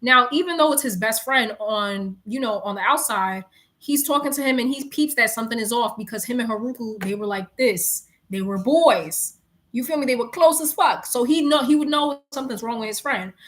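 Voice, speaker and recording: A young woman from New York with a New York accent, chatting casually and retelling a story in slangy, animated talk with frequent laughs. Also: on the high side. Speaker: streamer. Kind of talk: casual chat.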